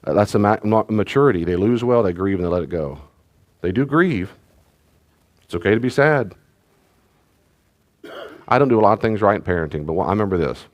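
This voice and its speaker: A man's voice: fairly low pitch, lively intonation, a little fast, pauses often. A middle-aged man, a pastor, teaching in a conversational, rambling way with restarts and asides. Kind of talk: sermon-style teaching talk.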